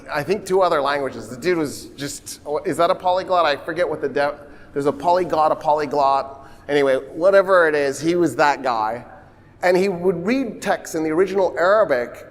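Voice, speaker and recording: A man delivers a public history lecture in an animated, joking manner, tossing in asides and quick impressions. His voice sits a bit high for a man. Long reverb from a large hall trails his words. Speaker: university lecturer.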